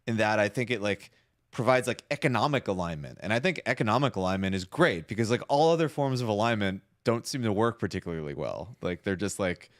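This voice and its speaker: A man's voice: lowish voice, lively intonation, fast, no room sound, studio quality. A man co-hosting a podcast, ranting in casual chat, swearing often and filling his talk with "like" and "right?". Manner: profane, ranting, lots of "like" and "right?". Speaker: podcast co-host.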